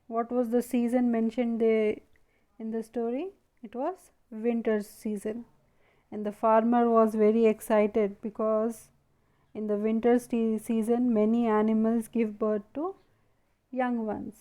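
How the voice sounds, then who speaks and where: In this classroom lesson video, a woman with a fairly high, warm voice teaches a primary school class. She speaks slowly and flatly, posing questions and then answering them herself.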